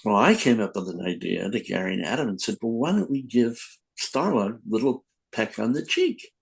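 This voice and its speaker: A man's voice: lowish voice, animated, a little fast, vocal fry, breathy edge, rough recording. An older man, a comic book editor, telling rambling anecdotes in a casual podcast interview, acting out quotes.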